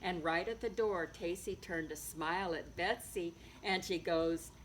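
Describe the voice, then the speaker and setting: A woman author reading a children's book aloud, telling it in a playful, lively way. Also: on the low side, unhurried, slight background noise. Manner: lively, playful storytelling with sound effects.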